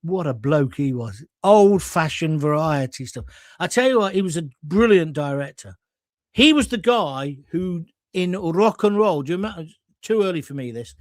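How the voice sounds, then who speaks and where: A middle-aged male host telling anecdotes in a chatty, animated way on a live show. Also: on the high side, moderate pace, no room sound, studio quality.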